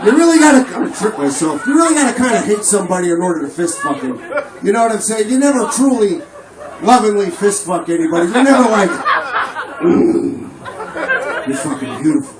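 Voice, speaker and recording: A man's voice: high-pitched, big pitch swings, quick pace, noisy background. A man doing a crude, profane, rambling stand-up comedy set on a comedy club stage. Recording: roomy, distant mic, loud crowd laughter.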